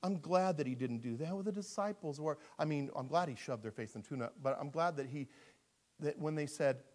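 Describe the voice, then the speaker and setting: A male pastor preaching a sermon in an animated storytelling manner, dropping to a hush and rising to shouts. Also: fairly high pitch, fairly quick.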